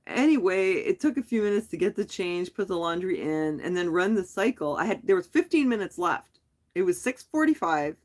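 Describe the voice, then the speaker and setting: A woman vlogger talking casually on a live stream, telling a story in a rambling, animated way with frequent restarts. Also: lowish voice, moderate pace. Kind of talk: casual chat.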